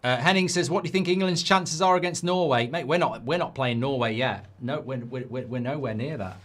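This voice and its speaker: A man's voice: medium pitch, a little fast, a bit bright. A man hosts a live football watchalong, reading viewer comments aloud and breaking into exasperated, sweary outbursts at the game. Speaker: watchalong host.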